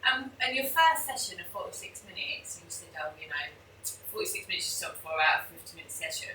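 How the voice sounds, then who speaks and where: Gentle woman host, roomy sound. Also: on the low side, expressive, quick pace, a little hiss or hum. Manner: gentle, supportive questioning. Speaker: podcast host. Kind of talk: interview questions. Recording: echoey room, mic at a distance.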